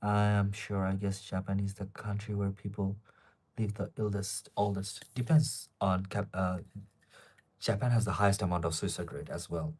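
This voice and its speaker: A young man in his twenties with an Asian accent in English, talking in a low voice on a casual live stream. He reads out viewer questions and answers them off the cuff, rambling from one point to the next. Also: fairly even intonation, moderate pace, a little mellow, husky. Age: 20s.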